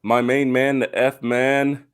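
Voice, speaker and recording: A man's voice: medium pitch, flat delivery, slow, clean tone. A young man hosting a casual gaming podcast, opening with playful, upbeat introductions of his co-hosts. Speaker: podcast host.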